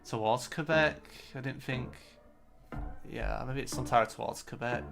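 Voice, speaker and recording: A man's voice: medium pitch, normal speed, creaky, music in the background. A man giving live commentary on his own competitive game, frustrated and self-critical. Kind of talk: live-streamed match commentary.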